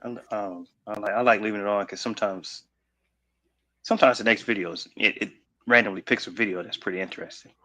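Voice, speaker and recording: A man co-hosting a casual podcast chat, an animated storyteller who laughs often. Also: fairly low pitch, a little fast, dry recording. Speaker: podcast co-host.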